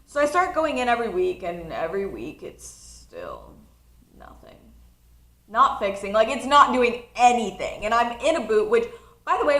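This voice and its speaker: A nineteen-year-old woman telling a personal story in a casual vlog, chatty and animated, often laughing. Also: on the high side, roomy sound. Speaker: college student vlogger.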